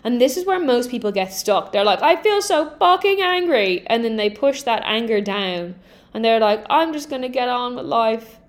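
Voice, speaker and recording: A young adult woman hosting a podcast as a healing coach, talking in a candid, energetic, casual monologue and swearing freely. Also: a little high, moderate pace.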